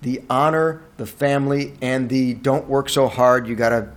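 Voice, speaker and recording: A man hosting a casual movie podcast, ranting in an animated way and swearing freely. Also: medium pitch, moderate pace. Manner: animated, profane, incredulous ranting. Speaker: podcast host and movie reviewer.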